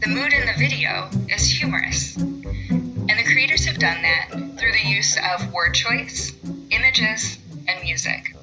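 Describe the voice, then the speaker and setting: A woman teacher narrates a recorded literature lesson. She explains clearly at a middle pitch, with a lightly wry touch. Loud music runs under her voice. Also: very animated, measured pace, low-quality recording.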